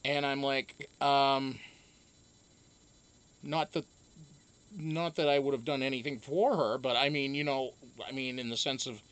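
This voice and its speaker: A young man, a reality show houseguest, telling a casual story in a profane, animated way. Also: medium pitch, unhurried, long pauses, clean tone.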